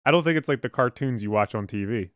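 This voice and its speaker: A man's voice: mid-range voice, animated, fast, no room sound, clean studio sound. Joking young man hosting a podcast. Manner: joking, teasing, playful interrupter. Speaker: podcast host. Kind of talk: casual chat.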